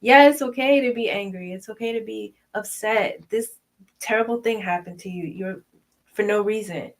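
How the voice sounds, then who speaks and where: Woman, thirties, casual chat co-host, animated, acts out quotes. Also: medium pitch, normal speed, poor audio. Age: 30s. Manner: animated, acts out quoted voices, laughs often. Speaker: podcast co-host.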